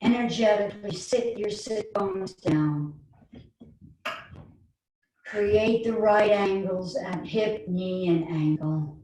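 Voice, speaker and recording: A woman with a New York accent leading a guided chair yoga class online, giving slow, soothing cues with playful asides. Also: medium pitch, mellow. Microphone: online video call. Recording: roomy, distant mic, faint noise.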